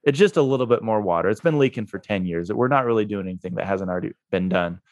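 A man's voice: on the low side, lively intonation, fast talker, no room sound, lo-fi sound. A man being interviewed, telling a story in a laid-back way and laughing at himself. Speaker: guest, real estate investor.

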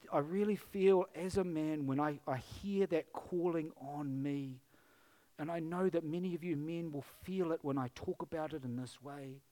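A man's voice: on the high side, mellow. A middle-aged male pastor giving an emotional, earnest sermon in church and closing in prayer, pleading with his listeners.

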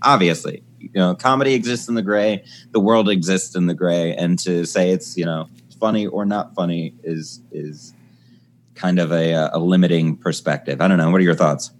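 A man's voice: low voice, normal speed, a little hiss or hum. A man chatting casually on a podcast, joking and reflective.

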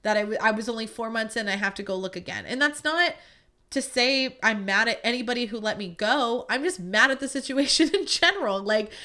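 A woman's voice: on the high side, a little fast, sharp tone. A young woman hosting a podcast, candid and chatty, talking casually with lots of "like" and "you know" fillers and some mild swearing. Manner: venting, frank with mild swearing. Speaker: podcast host. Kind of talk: casual chat.

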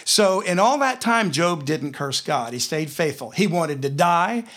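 A man with a Southern US accent leads a relaxed Bible lesson. His voice sits a little higher than most men's. He tells the stories in an easy, chatty way and slows down when he reads scripture. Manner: storytelling, slows down to read scripture. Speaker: Bible teacher.

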